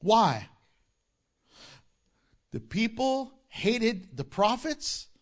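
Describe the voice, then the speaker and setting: A man's voice: very high voice, big pitch swings, drawn-out words. A man preaching a sermon as pastor, emphatic, asking rhetorical questions and acting out mocking quotes.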